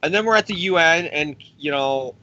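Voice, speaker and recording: Rambling and profane, this man recaps a comic storyline for his podcast, dropping quick impressions of the characters along the way. His voice is a little high, pushed and bright, and the recording has its highs cut off.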